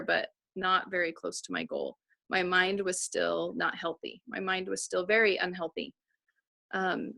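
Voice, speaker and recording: A woman's voice: mid-range voice, pushed and bright, no echo. A woman in her thirties telling her personal story in an earnest, heartfelt way, with frequent restarts. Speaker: speaker sharing a personal story. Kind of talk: personal testimony talk.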